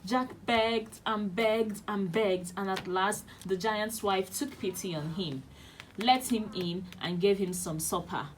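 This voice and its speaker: A woman's voice: mid-range voice, slow, a little hiss or hum. A woman with a Nigerian accent, a children's radio host reading a storybook aloud expressively. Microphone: studio radio mic.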